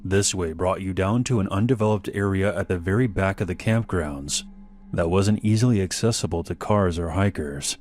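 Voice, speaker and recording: A man narrating a scripted horror story in a measured, unhurried way. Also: low-pitched, a little mellow. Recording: faint background music.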